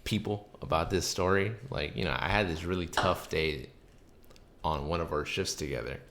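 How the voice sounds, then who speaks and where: A man's voice: low voice, moderate pace. A young adult man hosting a casual chat, telling stories with lots of swearing and laughter. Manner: animated storytelling, swears a lot, laughs often. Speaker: podcast host.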